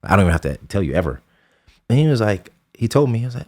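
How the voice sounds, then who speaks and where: Deep-voiced father telling a story. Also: big pitch swings, quick pace, darkish tone. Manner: earnest, reflective storytelling. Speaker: podcast co-host, father. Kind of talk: casual conversation.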